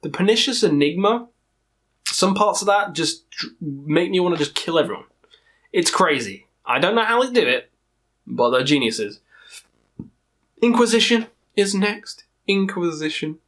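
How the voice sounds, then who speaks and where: A man with a tired, strained throat talks excitedly through his favourite metal bands in a casual vlog, swearing often and rambling as he goes. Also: high-pitched, unhurried, pauses often. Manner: profane, enthusiastic, rambling. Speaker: metal music reviewer.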